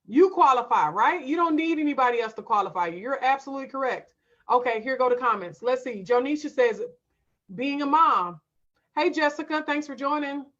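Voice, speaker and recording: A woman's voice: high-pitched, quick pace, fairly bright tone, muffled recording. A woman coach hosting a live stream, emphatic and direct, calling her viewers y'all and reading out their comments.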